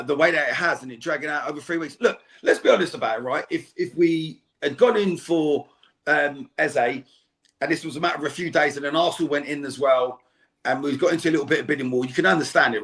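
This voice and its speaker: Gravelly-voiced man ranting angrily. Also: a little high, a little fast, a bit bright. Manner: angry, swearing rant. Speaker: fan guest on a football podcast. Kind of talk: heated podcast chat. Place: home.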